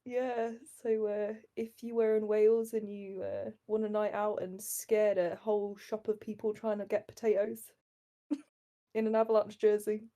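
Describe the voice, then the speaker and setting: A woman's voice: mid-range voice, level tone, unhurried, dark tone. Young woman, chatty storyteller. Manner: laughing, storytelling, swears casually. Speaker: podcast co-host. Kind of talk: casual chat.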